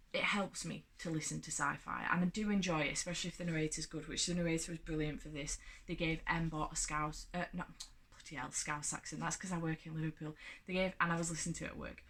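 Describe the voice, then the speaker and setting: A woman's voice: low voice, a bit bright. A woman vlogger talking casually and at length through her month of reading, rambling with lots of fillers and restarts. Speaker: book vlogger. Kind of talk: casual monthly book wrap-up chat.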